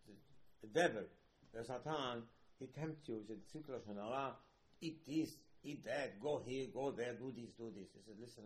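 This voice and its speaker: A man teaching a Torah lecture as a rabbi, switching between hushed asides and loud emphatic bursts and acting out little dialogues. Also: medium pitch, a little hiss or hum. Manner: repetitive, acts out dialogues.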